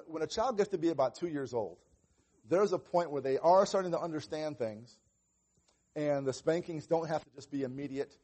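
A man's voice: a little high, dark tone. A male pastor preaching a sermon, earnest and conversational, acting out little exchanges with children. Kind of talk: sermon on parenting.

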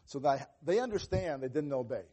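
Earnest pastor, man with a higher voice. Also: animated, normal speed, dark tone. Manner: earnest, acts out little dialogues with children. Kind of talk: sermon on parenting.

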